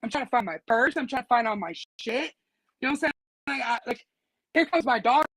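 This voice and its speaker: A woman's voice: on the high side, animated, fast talker, fairly bright tone, slightly rough, dry recording, poor audio. A woman with a teenage daughter, telling what happened to her in casual, profane, indignant storytelling. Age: adult with teenage daughter. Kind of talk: casual conversation.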